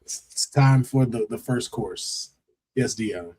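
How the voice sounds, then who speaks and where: A man's voice: medium pitch, takes it slowly, warm tone, breathy edge. A man hosting a podcast, chatting casually and often trailing off and restarting. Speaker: podcast host. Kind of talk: casual wrestling chat.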